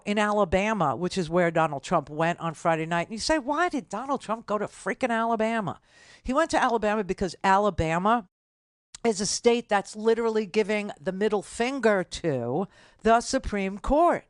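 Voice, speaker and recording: A woman's voice: medium pitch, no room sound, studio quality. An older woman hosting a political talk radio show, delivering an indignant, sarcastic monologue. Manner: indignant, sarcastic, rapid asides.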